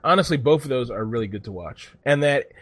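A man's voice: medium pitch, fast talker, no echo. A man telling a story in casual chat, rambling and cursing freely as he goes. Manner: profane, rambling, animated storytelling.

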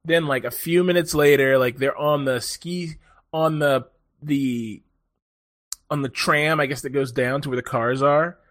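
A man telling a long story in casual chat, animated and rambling, with lots of fillers and swearing. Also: medium pitch, measured pace, dry recording, clean studio sound.

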